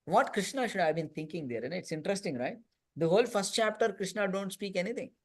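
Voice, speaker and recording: A man's voice: sits high, lively intonation, quick pace. A man teaching a youth scripture class in a conversational storytelling manner, often adding "you know" and "right?". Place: temple hall.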